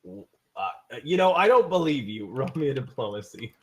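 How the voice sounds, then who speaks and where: A man's voice: mid-range voice, sing-song, fairly quick. A young man running a tabletop role-playing game as game master, laughing often and voicing characters as he narrates.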